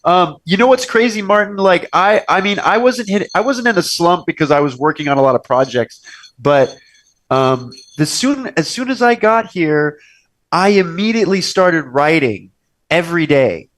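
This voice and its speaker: A young man hosting a casual chat show from a restaurant's wine cellar, telling stories and acting out quoted lines in bigger voices. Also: moderate pace. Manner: animated storyteller, acts out quotes with big pitch jumps. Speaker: podcast host.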